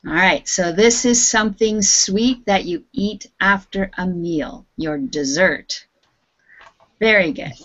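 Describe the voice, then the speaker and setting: Brief: woman English teacher, slow and careful delivery, dull lo-fi call audio. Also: medium pitch, a bit bright. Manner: slow, patient, clearly enunciating. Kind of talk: online class teaching.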